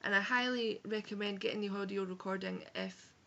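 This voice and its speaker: A woman's voice: medium pitch, steady tone, brisk, creaky, pushed and bright, lo-fi sound. Chatty Edinburgh-accented woman vlogger. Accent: Scottish, Edinburgh. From Scotland. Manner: chatty, frank, sprinkled with swearing and self-corrections. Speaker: book vlogger. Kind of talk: casual book review vlog. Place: home room on a rainy day.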